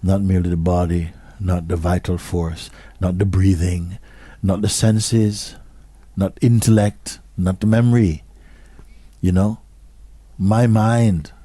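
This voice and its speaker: A man speaks as a spiritual teacher to an audience in a low, husky voice. He talks slowly and questioningly, repeating short phrases and sometimes sinking to a near-whisper. The sound is dry and close. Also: warm tone, no room sound.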